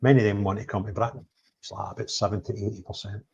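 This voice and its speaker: A man telling of his travels in an animated livestream chat, blunt, swinging between loud outbursts and low mutters. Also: rapid-fire, creaky, slightly rough. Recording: dull lo-fi stream audio.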